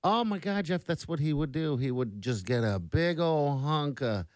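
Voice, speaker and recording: A man's voice: fairly high pitch, expressive, normal speed, no echo, studio quality. A man co-hosting a morning radio show, chatting casually and laughing often.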